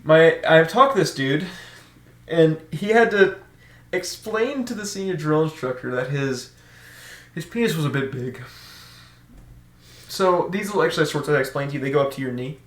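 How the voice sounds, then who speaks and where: A young man on a podcast telling stories in casual chat, animated and laughing often, acting out shouted orders. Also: on the high side, normal speed, pauses often. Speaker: podcast co-host. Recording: echoey room.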